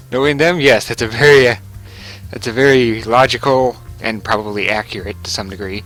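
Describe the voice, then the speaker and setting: A man's voice: medium pitch, steady tone, normal speed, a bit bright, soft background music, low-quality recording. A young man giving casual, rambling commentary over a game he plays, chuckling and correcting himself as he goes. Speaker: gaming video commentator. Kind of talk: casual let's play commentary.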